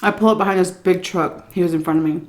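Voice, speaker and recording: Woman vlogger, slightly low voice, casual storytelling while eating, lively impressions. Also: fast talker. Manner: animated, mimics people in her story. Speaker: mukbang vlogger.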